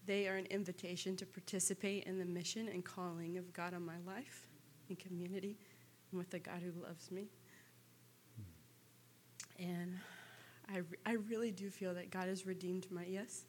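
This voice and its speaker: Woman, testimony, tearful and halting, soft, faint background noise. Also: fairly low pitch, level tone. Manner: halting, soft, with many pauses and fillers. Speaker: church member giving testimony. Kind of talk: personal testimony.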